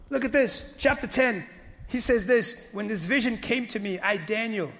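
Impassioned high-voiced male preacher. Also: normal speed, few pauses, big-room sound. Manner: impassioned, swings from loud exhortation to hushed earnest pleading. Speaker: pastor. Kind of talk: sermon. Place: church sanctuary.

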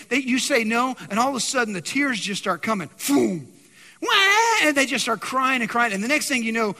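Man, pastor, sermon, quizzes the congregation, high voice, long church reverb. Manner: animated, keeps quizzing the congregation.

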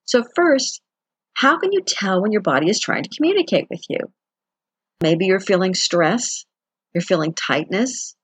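A woman's voice: mid-range voice, sing-song, moderate pace, husky, no room sound. A woman giving a chatty, conversational self-help talk as a wellness teacher. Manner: chatty, conversational, acts out quotes with laughs.

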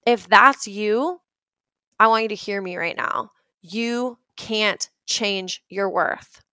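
A woman's voice: medium pitch, slow pace, sharp tone, clean tone, no room sound. A young adult woman hosting a casual motivational talk, chatty and earnest, often using "like" as a filler.

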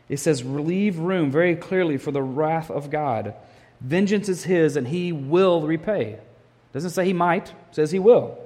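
A male pastor preaching a sermon with animated storytelling. He acts out the voices of the people in his story. His voice rings with a long reverb, as if recorded in a large hall. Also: on the high side.

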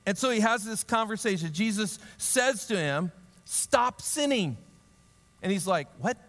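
Animated, humorous male pastor preaching in a reverberant hall. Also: moderate pace. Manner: animated and humorous, acting out the story in voices; drops to a low, quiet, earnest tone. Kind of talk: sermon.

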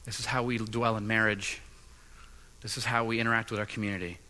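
A man's voice: lowish voice, little pitch movement, fairly quick, bright, forceful tone. A man preaching a sermon as pastor, with an earnest delivery that builds in intensity. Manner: earnest and building, with mimicked voices.

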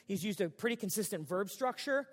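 A man's voice: sits high, expressive, brisk, big-room sound. A male pastor preaching a sermon in a church sanctuary, in a casual, joking, conversational way.

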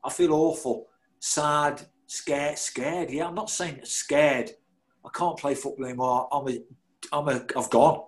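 A man's voice: fairly high pitch, steady tone, measured pace, poor audio. Blunt self-mocking man. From Birmingham, England. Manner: blunt and self-mocking, laughing at himself, swearing freely. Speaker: former footballer telling his story. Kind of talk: candid storytelling.

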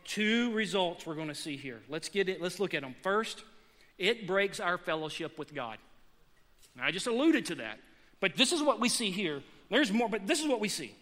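A male pastor preaching a sermon in a church sanctuary, emphatic, repeating key words and climbing in pitch and force as he presses his points. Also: very animated, normal speed, pushed and bright. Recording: long hall reverb.

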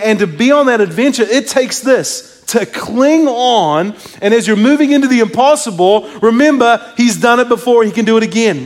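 High-voiced preacher in a reverberant hall. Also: male voice. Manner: conversational, animated preaching with asides. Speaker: pastor. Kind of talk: sermon.

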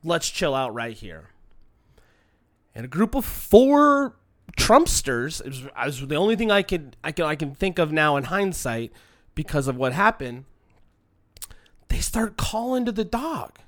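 A person telling a personal anecdote in a casual, profane monologue, swinging between quiet muttering and loud exasperated outbursts. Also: mid-range voice, big pitch swings, unhurried, dry recording, clean studio sound. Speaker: storyteller.

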